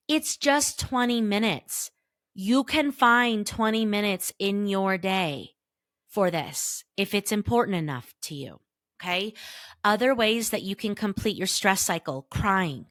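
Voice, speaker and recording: A woman's voice: fairly high pitch, no room sound, clean studio sound. A woman in her thirties hosting a solo podcast, talking earnestly and directly to her listeners with casual advice. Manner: warm, earnest, emphatic, addresses listeners directly. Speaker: podcast host and therapist.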